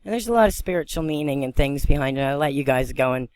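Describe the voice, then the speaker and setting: A woman from western Pennsylvania vlogging on a phone, excitable and rambling as she talks, often breaking into laughter. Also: a bass voice, fast talker, no room sound. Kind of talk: excited spiritual vlog narration.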